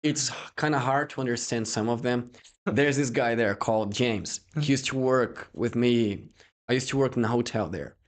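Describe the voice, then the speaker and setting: As a guest in a relaxed English-language interview, a young man from Brazil tells stories with lots of energy, performing the quoted voices himself. He has a Brazilian Portuguese accent, a medium pitch, and talks at normal speed.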